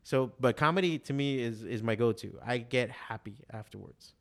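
A man's voice: medium pitch, normal speed, vocal fry. A man in his forties chatting casually, telling rambling, profane stories with lots of fillers. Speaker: stand-up comedian and podcast guest. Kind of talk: casual chat.

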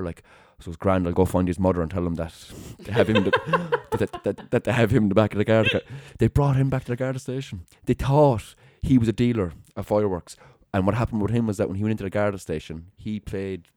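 Deep-voiced fast-talking man. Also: no room sound, clean studio sound. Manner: animated anecdote-telling with acted-out quotes and laughter. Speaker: podcast host. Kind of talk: casual storytelling chat.

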